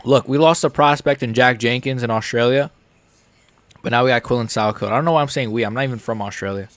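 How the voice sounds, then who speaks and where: A man's voice: mid-range voice, fast talker, no room sound. Rambling young American guy, fight stream. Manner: rambling, casual, jokey. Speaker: live stream host. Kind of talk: live fight reaction commentary.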